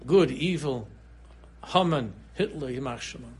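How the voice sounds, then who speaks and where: Husky rabbi giving a purim shiur, everywhere, goes quiet then suddenly loud and high, middle pitch. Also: male voice, a little slow. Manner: animated storyteller, swings between low murmurs and sudden high exclaims. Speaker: rabbi giving a Torah class.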